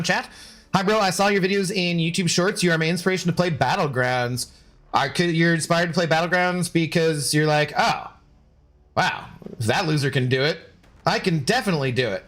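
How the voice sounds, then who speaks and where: A man's voice: a little high, a bit bright. A young man streaming a game, chatting casually and ranting with exasperation, swearing freely. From United States. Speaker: gaming streamer. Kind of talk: casual live-stream commentary.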